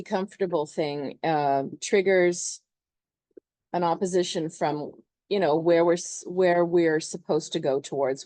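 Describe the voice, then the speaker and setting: Brief: lower-pitched woman astrologer, chatty and loose, dry close sound. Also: darkish tone, no echo. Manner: chatty, loose, filler-heavy. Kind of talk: casual astrology explanation.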